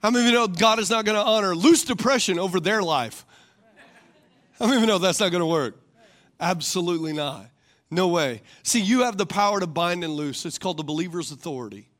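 High-voiced preaching man. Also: expressive, brisk, a bit bright. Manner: rhetorical, calls for congregation responses; repeats questions for emphasis. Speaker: pastor. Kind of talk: sermon.

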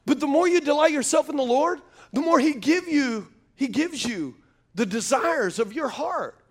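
A man's voice: very high voice, lively intonation, normal speed. A man preaching a sermon, telling folksy stories and calling out to the congregation. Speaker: pastor.

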